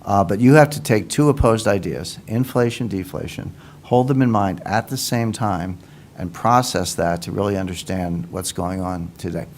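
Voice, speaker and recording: A low-voiced man lays out his economic case with steady confidence, stressing key words and circling back to repeat his points. A faint hiss of noise sits under the recording. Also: moderate pace. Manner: confident, emphatic, uses analogies and repeats points. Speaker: economics commentator. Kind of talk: explanatory talk.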